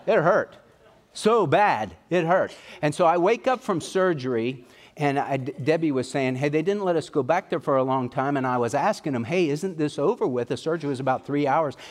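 A man's voice: a little high, animated, fairly quick, a little mellow. A middle-aged man preaching a sermon in a folksy, conversational way, telling personal stories.

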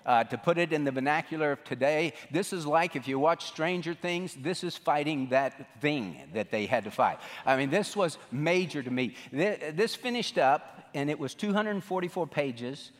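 A middle-aged pastor preaches a sermon, telling folksy stories and acting out what people said in an animated way. His voice sits on the high side, at a moderate pace with few pauses, and the recording carries the long reverb of a large hall.

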